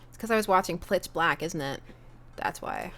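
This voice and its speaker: A woman's voice: fairly low pitch, expressive, normal speed, fairly bright tone. A woman from Canada chatting and joking at herself while streaming a game. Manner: chatty, self-mocking, laughs often. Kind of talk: let's play commentary.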